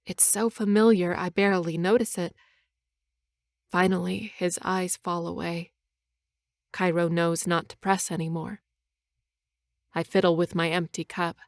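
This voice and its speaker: A woman narrating an audiobook in the first person, soft, measured and earnest. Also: fairly low pitch, level tone, vocal fry, no room sound, studio quality.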